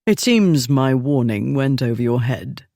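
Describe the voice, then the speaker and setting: A man voicing a calm, coolly menacing duke, mild and unhurried in tone. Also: mid-range voice, vocal fry, dry recording, clean studio sound. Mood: cool menace. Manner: mild, amiable, lazy, unhurried.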